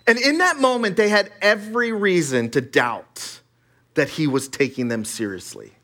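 Animated high-voiced male preacher. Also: moderate pace. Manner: animated and conversational, with laughter and casual asides. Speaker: pastor. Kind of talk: sermon.

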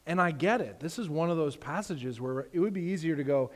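Male pastor, slightly high voice, lively storyteller, long hall reverb. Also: fairly quick, hardly any pauses. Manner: animated storytelling, acts out characters. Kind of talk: sermon.

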